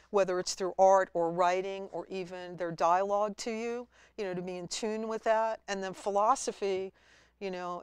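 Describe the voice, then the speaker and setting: Very clear-voiced woman telling her story. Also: medium pitch, no echo. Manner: animated, acts out her own past words. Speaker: college staff guest. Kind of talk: storytelling interview.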